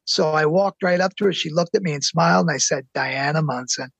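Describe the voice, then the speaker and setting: A middle-aged man telling a personal story in an excited, earnest way, slowing down to stress the big moments. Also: fairly high pitch, vocal fry, breathy edge, no room sound. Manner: excited, earnest, slows down for emphasis. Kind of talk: personal anecdote.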